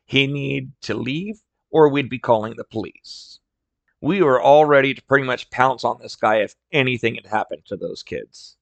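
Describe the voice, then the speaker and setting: A man's voice: medium pitch, animated, moderate pace, gravelly, no echo, muffled recording. Man, podcast host, candid, blunt, casual cursing, mid-range voice, dry recording. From rural area. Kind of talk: solo podcast storytelling.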